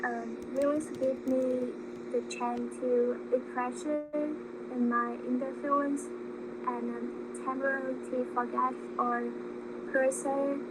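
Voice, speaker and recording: A woman's voice: high voice, flat delivery, slow pace, heavy background noise. A young woman with a Vietnamese accent answering IELTS speaking practice questions, hesitant, with many fillers and restarts.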